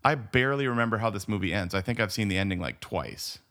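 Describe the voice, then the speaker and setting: A man's voice: on the low side, fast talker, fairly bright tone. A man co-hosting a movie podcast in casual chat, enthusiastic and rambling, full of "like" and restarts. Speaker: podcast co-host.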